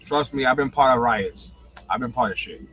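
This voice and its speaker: A man's voice: mid-range voice, normal speed, fairly bright tone, dull audio. A man, hosting a casual livestream, rambling and blunt with lots of slang and swearing. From New York. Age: 40s. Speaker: livestream host.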